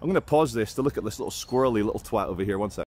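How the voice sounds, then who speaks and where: Talking very fast in a lowish, expressive, slightly mellow voice, a British man tells casual stories outdoors at sunrise. In his vlog-style delivery he's blunt, self-mocking and swears freely.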